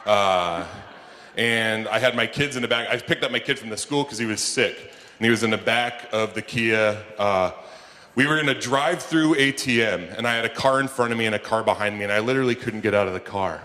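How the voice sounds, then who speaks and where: A comedian and keynote speaker tells stand-up stories to a live audience in a conference hall, talking a little fast. He's animated and leaps into high-pitched, shouted bits to act out scenes. Long hall reverb and faint room noise fill the recording.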